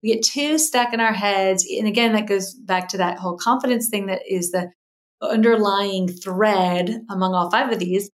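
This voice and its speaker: A middle-aged woman talking as a guest on a podcast interview. Her pitch sits at an ordinary middle height, and she walks through her points one by one. She keeps it animated and slips into little acted-out quotes along the way. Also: moderate pace. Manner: animated, acts out quoted voices, explains in lists. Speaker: guest communication expert.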